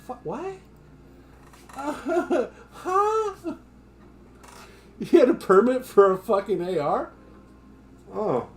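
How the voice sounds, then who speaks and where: A man's voice: extremely high pitch, expressive, very slow, pauses often, slight background noise. A man from the United States ranting his opinions in casual live-stream chat, swearing freely.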